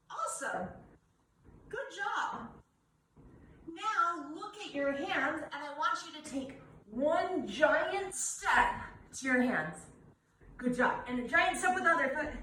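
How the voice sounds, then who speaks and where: A young woman leads children through yoga in a cheerful, encouraging, sing-song voice. Her voice is high and lively, and she speaks slowly. It sounds echoey, picked up from a distance. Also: slight background noise. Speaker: kids' yoga teacher. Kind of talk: guided children's yoga class.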